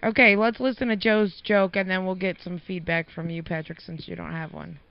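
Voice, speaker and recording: A man's voice: high-pitched, little pitch movement, fairly quick, gravelly, no echo. A man hosting a casual chat show, blunt and swearing freely. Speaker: radio show host. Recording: dull lo-fi dry recording.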